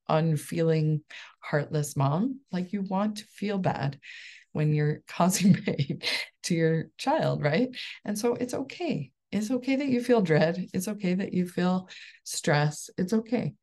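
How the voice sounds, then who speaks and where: A woman's voice: fairly low pitch, measured pace, gravelly, darkish tone. A woman in her thirties, a coach and support group host, talking casually and upbeat, laughing often as she explains. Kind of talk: casual solo coaching talk.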